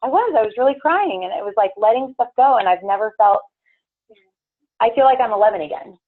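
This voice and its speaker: A woman's voice: fairly high pitch, lively intonation, fairly quick. Woman meditation leader, rambling casual chat, thin phone-like sound. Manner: rambling, chatty, full of "like". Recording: tinny phone-like lo-fi recording.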